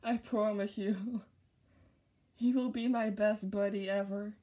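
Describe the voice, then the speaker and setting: A woman's voice: medium pitch, steady tone, takes it slowly, mellow. A young woman vlogging an unboxing in casual chat to camera, gushing and giggly. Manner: gushing and giggly, with frequent laughs. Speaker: vlogger showing a plush unboxing.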